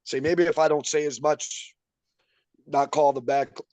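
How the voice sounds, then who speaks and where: A man's voice: fairly high pitch, measured pace, no room sound, low-quality recording. A man who coaches youth basketball, talking casually on a podcast and telling a story with lots of fillers. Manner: animated storytelling, frequent fillers.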